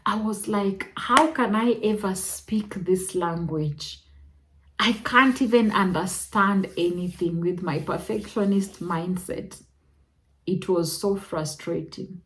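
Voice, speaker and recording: Young woman, Kenyan accent, vlogger, personal storytelling, slow delivery, emotional exclamations. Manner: emotional, animated retelling with sudden high exclamations.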